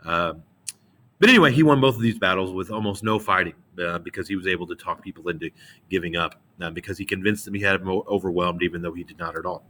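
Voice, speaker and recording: Bright-voiced casual male teacher. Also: deep voice, a little fast. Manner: casual, slangy, with many fillers and restarts. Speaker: middle school history teacher. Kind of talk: classroom history lecture.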